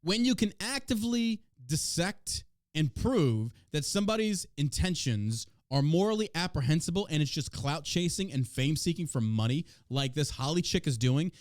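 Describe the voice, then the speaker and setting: A man's voice: fairly high pitch, expressive, moderate pace, dry recording, clean studio sound. A man hosting a podcast in casual chat, brash, profane and mocking as he reacts to the news and to his chat. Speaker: podcast host.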